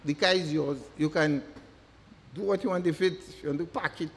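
A man delivers a public lecture in a fairly high voice. He speaks emphatically and leans on repeated words to drive his points home. His voice carries a long reverb, as if it were recorded in a large hall. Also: moderate pace.

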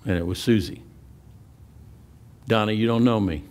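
A male pastor preaching a sermon in a lowish voice. He tells stories in a loose, conversational way, repeating words as he restarts sentences, and slows down to press a point. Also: a little mellow.

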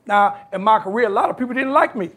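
This high-pitched New Yorker talks fast. As a guest speaker he relates episodes from his own life with lots of animation, performing the voices of the characters he quotes.

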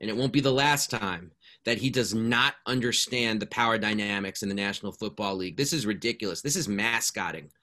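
Bright, emphatic male sports commentator. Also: on the low side, fairly quick. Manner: emphatic, building rhetorical lists. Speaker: panelist. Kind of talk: panel discussion.

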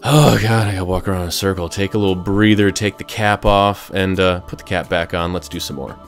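A man's voice: low voice, fairly even intonation, quick pace, soft background music. A man coaching a burpee workout in an upbeat, jokey way, sometimes out of breath. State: out of breath at times. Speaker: fitness instructor. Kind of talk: workout instruction.

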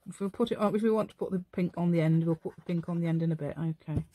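A woman's voice: fairly low pitch, quick pace, dark tone. A tired, middle-aged woman hosting a casual crafting tutorial, chatting and rambling to herself as she works at home. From England. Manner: rambling, chatty, talks to herself while working. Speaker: craft channel host.

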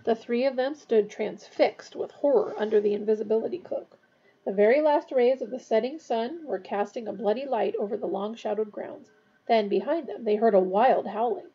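Brief: woman reading a novel aloud, steady storytelling, dark mellow tone, dull lo-fi recording. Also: on the high side, normal speed, husky. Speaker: reader.

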